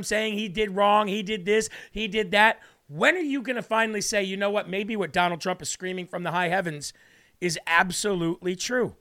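High, gravelly-voiced male talk host. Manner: animated, sarcastic ranting. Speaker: show host. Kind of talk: opinionated political talk.

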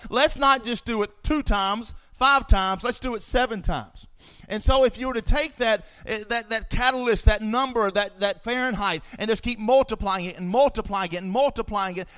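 A man's voice: high voice, fairly bright tone. A man preaching a fervent sermon, reading scripture aloud and swelling for emphasis.

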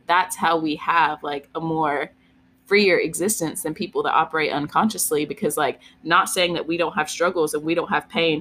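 A woman's voice: sits low, a bit bright. A woman co-hosting a podcast, telling a personal story in candid casual chat, peppered with "like". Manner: candid storytelling, heavy use of "like", swearing.

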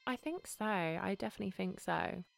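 A woman's voice: mid-range voice, brisk, creaky, soft background music. A woman co-hosting a horror podcast, chatting casually and rambling with lots of "you know" and "like". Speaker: podcast co-host. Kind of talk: casual chat.

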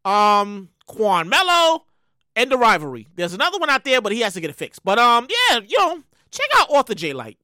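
A high, bright-voiced woman speaking hosts a casual news talk show, her pitch swinging widely as she vents. She talks in a loud, animated way and repeats her phrases for effect. The sound is dry and close, with no room around her. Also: no room sound. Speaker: podcast host.

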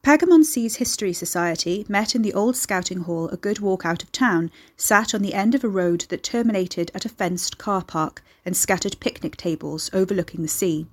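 A woman reading scripted horror story narration in a measured, deliberate way. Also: medium pitch.

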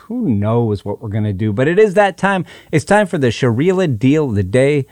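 A man hosting a radio food show, chatty and joking as he pitches deals. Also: darkish tone, no room sound, studio quality.

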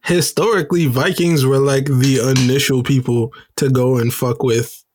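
A man co-hosting a podcast, chatting casually and thinking his points through out loud. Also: mid-range voice, steady tone, slight background noise. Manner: slow, thoughtful, poses questions. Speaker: podcast co-host. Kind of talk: casual chat.

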